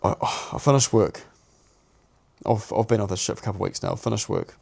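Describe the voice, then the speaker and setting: Young kiwi guy, gravelly voice, sweary laid-back storytelling, keeps restarting sentences. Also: lowish voice, fast, darkish tone. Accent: New Zealand. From New Zealand. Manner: swearing, slangy, restarts sentences, acts out past dialogue. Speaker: podcast co-host. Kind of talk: casual storytelling chat.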